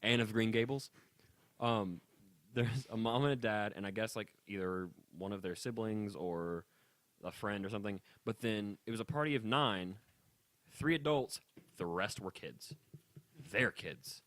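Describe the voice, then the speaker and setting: A young man co-hosting a casual podcast, ranting in an animated way and laughing often. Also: lowish voice, unhurried, no room sound. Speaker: podcast co-host.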